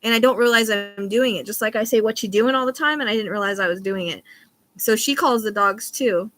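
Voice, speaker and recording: A woman's voice: medium pitch, fairly quick, a bit bright, no echo. A woman in her thirties chatting casually on a livestream, rambling and swearing now and then. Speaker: livestream host.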